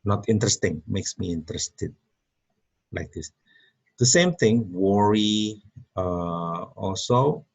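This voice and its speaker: A man teaching English grammar in an online lesson, talking slowly with many fillers and repeating words. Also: on the low side, expressive, vocal fry, slightly rough, highs cut off.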